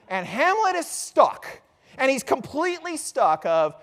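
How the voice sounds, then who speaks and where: A man giving a lively conference lecture, telling the story with dramatic emphasis and casual asides to the audience. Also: sits high, fairly quick. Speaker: conference speaker on classical education.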